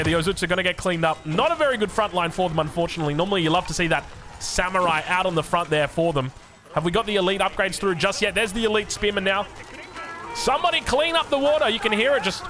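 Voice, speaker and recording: An Australian man casts a strategy game match with energetic, joking enthusiasm. His voice sits fairly high and rings bright and forceful. Faint music plays underneath. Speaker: game caster. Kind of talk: excited esports commentary.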